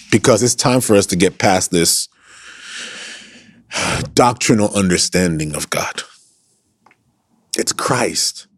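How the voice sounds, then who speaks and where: A man preaching an impassioned sermon, repeating phrases and building from soft to loud. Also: fairly low pitch, husky, no echo, clean studio sound.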